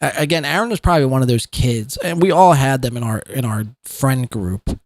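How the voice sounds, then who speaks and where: A man's voice: mid-range voice, lively intonation, brisk, no room sound, clean studio sound. Sarcastic male podcast host. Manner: sarcastic, mocking, laughs at what he reacts to. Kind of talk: mocking commentary.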